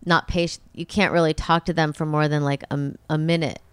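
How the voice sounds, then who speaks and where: Hesitant woman with a smooth voice. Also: low-pitched, flat delivery, no room sound. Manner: hesitant, halting. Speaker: podcast co-host. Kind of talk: casual chat.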